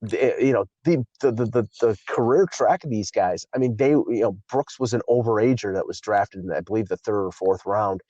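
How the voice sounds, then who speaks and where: A man's voice: on the low side, fairly quick, hardly any pauses, dark tone, dry recording. A man co-hosting a casual hockey talk show, rambling with many restarts as he explains players. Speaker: co-host. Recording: dull lo-fi sound.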